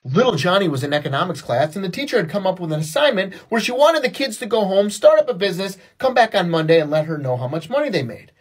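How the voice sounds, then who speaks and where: A man's voice: high voice, very animated, quick pace, few pauses, breathy edge. A middle-aged man telling dirty jokes, laughing at his own punchlines. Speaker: joke teller.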